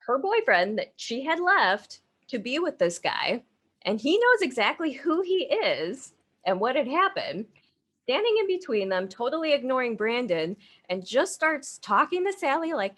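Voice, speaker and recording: Laughing easily and swearing freely, this woman co-host spins casual stories on a podcast. Her delivery is relaxed yet animated, with an expressive pitch that swings widely.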